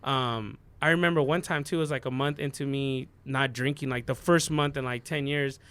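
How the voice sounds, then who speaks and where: Male DJ guest, 30s, earnest rambling storyteller; bright, edgy tone. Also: mid-range voice, fairly even intonation, moderate pace, clear, resonant tone. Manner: earnest, rambling, heavy on "like" and "you know what I mean". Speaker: DJ guest on a podcast. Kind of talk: casual storytelling interview.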